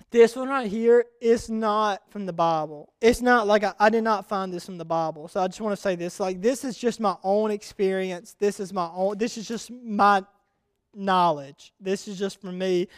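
A young man preaching a conversational sermon, telling stories with lively restarts. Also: high-pitched, smooth, dry recording, studio quality. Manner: conversational, animated storytelling with frequent restarts. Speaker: pastor.

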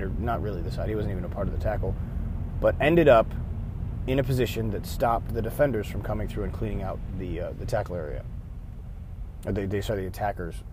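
A man who referees rugby, talking casually in a car, rambling and correcting himself, now and then acting out players' shouts. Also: fairly low pitch, background noise. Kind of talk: casual vlog talk.

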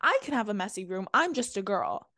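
A woman's voice: mid-range voice, animated, fairly quick, sharp tone, dry recording, clean studio sound. A young woman co-hosting a podcast, ranting bluntly and profanely in casual chat. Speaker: podcast co-host.

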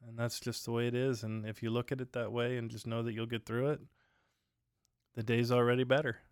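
Speaking briskly with a level tone, a man with a smooth, medium-pitched voice hosts his own podcast at home at night. He rambles casually through stories full of fillers, and the recording is dry and studio quality.

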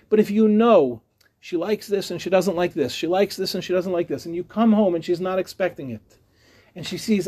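A man's voice: high voice, warm tone. A middle-aged man, a rabbi, teaching a humorous live class with chatty storytelling, jokes and restarts.

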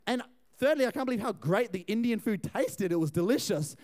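High-voiced young man preaching. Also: a little fast. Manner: animated, chatty, addresses the crowd. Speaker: youth pastor. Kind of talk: storytelling sermon.

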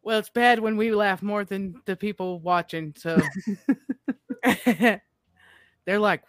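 Podcast co-host, male, unhurried and giggly, dry close mic. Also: high voice, a bit bright, clear, resonant tone, no room sound. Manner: giggly, loose and rambling. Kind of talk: casual chat.

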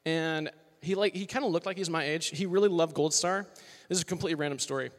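Preaching to a college crowd, this young man in his twenties leads worship with a casual, joking sermon full of "like" and "you know." He speaks quickly in a slightly high voice. A live audience is present in the big worship hall, where the sound trails off in long reverb.

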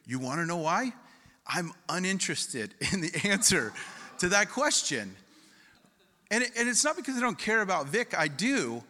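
A man's voice: high-pitched, sing-song, normal speed, pushed and bright, big-room sound. A male pastor preaching a sermon in a conversational way, asking the congregation questions and reading scripture aloud.

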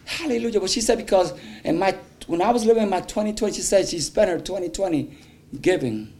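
A man preaches a sermon with fervour, his voice sitting unusually high. He leans on call-and-response, tossing out amens for the congregation to answer. Every so often he slides into speaking in tongues. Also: animated, fast talker, a little mellow. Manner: fervent, breaks into speaking in tongues. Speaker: pastor.

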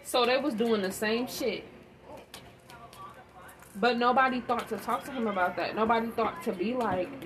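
Frank, emphatic woman over background noise. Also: medium pitch. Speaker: parenting vlogger. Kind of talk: candid storytelling monologue. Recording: steady audible background noise.

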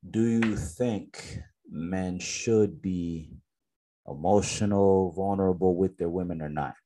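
Low husky man talking things through. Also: slow pace, warm tone. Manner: reflective, many fillers and restarts. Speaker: podcast co-host. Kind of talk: casual podcast chat.

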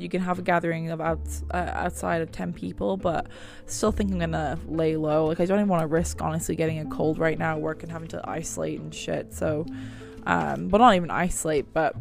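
Woman, 20s, podcast host, casual rambling chat, low voice, gravelly fry. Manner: rambling, chatty, swears casually. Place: at home.

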